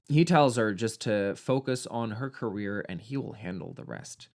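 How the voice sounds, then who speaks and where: A man's voice: on the low side, expressive, moderate pace, creaky, hardly any pauses, darkish tone. Sarcastic man doing a campy movie review. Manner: sarcastic, campy, swearing freely. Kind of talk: casual movie review commentary.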